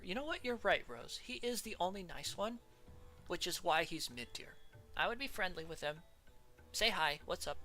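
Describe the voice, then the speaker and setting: In a bright, forceful, medium-pitched voice, the streamer casually ranks characters. It's a giggly, rambling chat where she often trails off mid-sentence and restarts.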